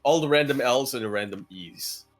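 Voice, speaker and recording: A man's voice: mid-range voice, moderate pace, soft background music. A man co-casting a live esports tournament in laid-back, joking banter with frequent laughs. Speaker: esports co-caster. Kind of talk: casual live commentary banter.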